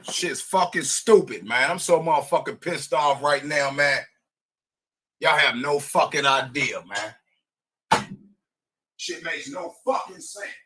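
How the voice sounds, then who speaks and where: A man giving an angry, profane rant, often shouting and repeating himself. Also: fairly high pitch, slow, pauses often, husky. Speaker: homeowner ranting on video.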